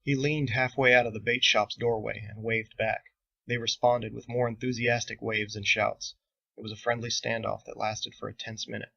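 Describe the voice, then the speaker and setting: A man reading his own novel aloud in steady, measured audiobook narration. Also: fairly low pitch, creaky, lo-fi sound.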